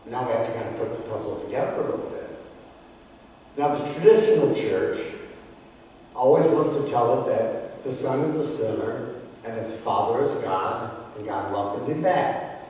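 Pastor guy preaching, slow and emphatic storytelling, far off mic in a big echoey church. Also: medium pitch, animated, warm tone, slight background noise. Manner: storytelling, emphatic, with dramatic pauses. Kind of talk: sermon. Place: large church sanctuary.

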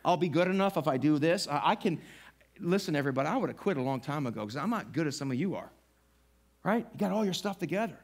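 A middle-aged man pastor preaching a sermon in a church, animated and acting out little voices as he talks. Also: on the high side, fast talker. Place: church sanctuary.

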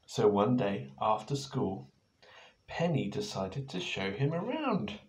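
A man reads a picture book aloud to children at home, playful and expressive. His pitch leaps about with animation while he takes his time, and the room gives his voice a clear echo. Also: slow. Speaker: author reading his book. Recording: echoey room.

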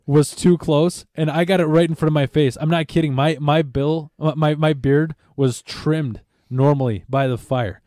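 A man with a mellow, darkish voice rambles through profane stories in a casual podcast chat. He restarts his sentences often and keeps swearing as he goes. The sound is close and dry, with no room around it. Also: fairly high pitch, steady tone, measured pace, hardly any pauses, no room sound.

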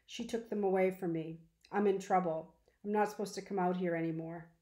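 A woman's voice: fairly low pitch, fairly even intonation, a little fast, close to an everyday voice. A woman reading aloud, voicing a fierce, stubborn young girl who talks insistently. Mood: worried. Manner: insistent and forceful. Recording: roomy echo.

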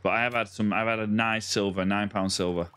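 Chatty streamer man, low voice. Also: fairly even intonation, brisk, a bit bright, smooth. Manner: chatty, greets viewers by name, calls them mate and buddy. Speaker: game streamer. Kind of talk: casual live-stream chat.

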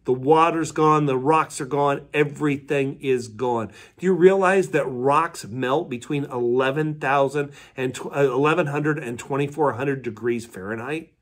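A man's voice: mid-range voice, moderate pace, hardly any pauses. A man, a pastor, giving a midweek devotional sermon in a conversational storytelling way and asking his listeners questions.

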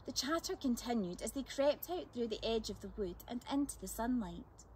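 A woman reading a chapter book aloud for children, with expressive, lively narration. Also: a little high, normal speed, a little hiss or hum. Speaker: storyteller.

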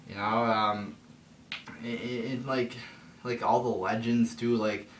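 A young man with a medium-pitched voice and fairly even intonation rants slowly in a casual vlog monologue. He swears frequently, rambles with fillers and restarts, gets heated, and pitches his voice up to mock. It's recorded in an echoey room with faint background noise, somewhat far from the mic.

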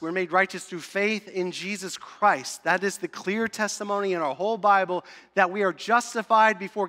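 Bright-voiced pastor preaching in a reverberant church. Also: male voice, high-pitched. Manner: emphatic, swings from loud to hushed; asks the congregation questions. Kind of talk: sermon. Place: church sanctuary.

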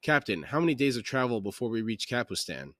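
A man voicing a shrewd male merchant master in a fantasy audiobook reading, deliberate and diplomatic. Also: mid-range voice, very animated, a bit bright, no echo. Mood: measured.

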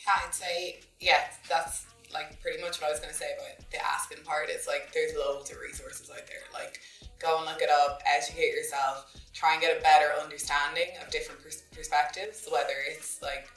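A woman's voice: deep voice, flat delivery, brisk, fairly bright tone. A young woman with an Irish accent, speaking earnestly and emphatically in a casual group discussion. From Ireland. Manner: earnest, emphatic, weary of the questions. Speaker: panel guest. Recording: distant roomy sound with faint music.

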